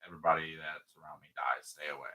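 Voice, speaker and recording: A man co-hosting a casual podcast, excitedly recapping a film scene by scene, swearing freely and acting out the characters' lines. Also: rumbling low, quick pace. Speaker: podcast co-host.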